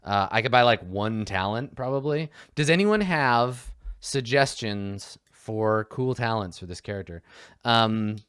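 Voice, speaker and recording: Excitable man building a game character. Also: lowish voice, measured pace, smooth, no room sound, clean studio sound. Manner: excitable, laughs often, swears casually. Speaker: tabletop game player. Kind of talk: casual game character creation.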